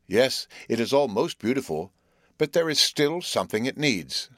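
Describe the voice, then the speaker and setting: A man reading the lines of a polite, knowing old man in a fairy tale, grave and measured. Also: medium pitch, sing-song, a bit bright, no room sound, clean studio sound. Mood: solemn.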